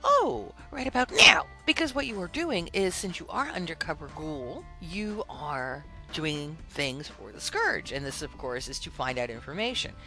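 A podcast host telling a game story in a casual, animated way, full of exasperated asides. The pitch swings widely and the tone is bright, with faint music underneath. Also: creaky. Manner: animated, exasperated retelling with acted-out quotes.

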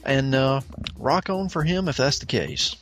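A man's voice: mid-range voice, sing-song, measured pace, a bit bright. A man with a Southern US accent co-hosting a gaming podcast, joking and rambling in casual chat. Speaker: podcast co-host.

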